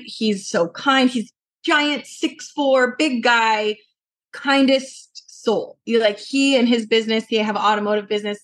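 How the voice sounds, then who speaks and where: A young adult woman from Colorado, a podcast guest, talking earnestly and telling animated stories with lots of fillers. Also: on the high side. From Colorado, USA. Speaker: podcast guest, martial arts instructor. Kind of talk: casual interview talk.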